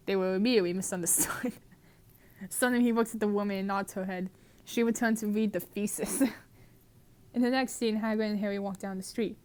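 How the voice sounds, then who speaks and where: A woman's voice: medium pitch, steady tone, fairly quick, a little mellow, clear, resonant tone. A woman reading a mistranslated movie script aloud for comedy, laughing throughout. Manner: laughs constantly. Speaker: narrator.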